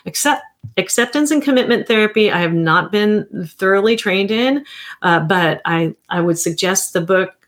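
A woman's voice: medium pitch, lively intonation, normal speed. A woman in her fifties, a therapist, chatting casually on a livestream, rambling and correcting herself with small chuckles. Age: 50s.

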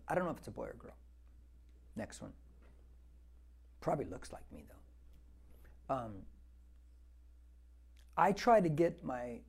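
This pastor, a man in his sixties, has a mid-range voice that's creaky and a little mellow. His verse-by-verse Bible teaching starts off conversational, and he repeats words for emphasis while working up to a fervent exhortation.

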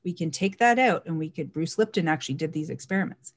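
Emphatic woman with a low voice. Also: fast. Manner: emphatic, repetitive, animated. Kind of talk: casual monologue.

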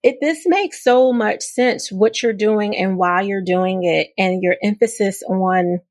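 A woman hosting a podcast interview, talking in an effusive, animated way and making up words as she goes. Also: mid-range voice, a little slow, dry recording, clean studio sound. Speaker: podcast host. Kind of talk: casual interview chat.

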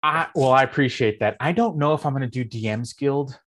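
A man's voice: mid-range voice, brisk, fairly bright tone. A man talking in a casual podcast chat, rambling with many fillers and telling stories with animation. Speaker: game master and guest.

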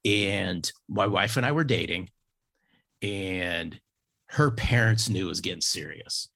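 A man in his fifties with a very low, gravelly, husky-edged voice tells stories in an interview, hammering key phrases home through emphatic repetition like a seasoned sales coach. He takes it slowly, and his tone is fairly bright.

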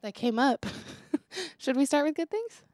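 A woman's voice: sits high, big pitch swings, measured pace, darkish tone, dry recording. Giggly young woman, dry close sound. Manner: giggly, laughs often. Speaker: podcast co-host. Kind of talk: casual chat.

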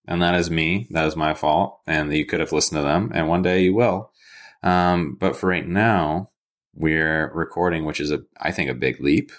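A man's voice: extremely low pitch, steady tone, moderate pace. A young man co-hosting a podcast in casual chat, joking and self-deprecating, acting out little voices as he tells stories. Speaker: podcast co-host.

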